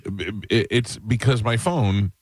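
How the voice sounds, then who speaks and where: Deep-voiced male radio host, casual banter. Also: slow, husky, dry recording, clean studio sound. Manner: storytelling, acts out voices in high falsetto. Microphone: studio mic.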